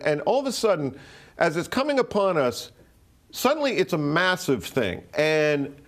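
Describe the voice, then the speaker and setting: A man in his sixties from Rhode Island, telling a personal story as an interview guest in a rambling way, full of "like", restarts and swearing. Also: on the high side. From Rhode Island, USA. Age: 60s.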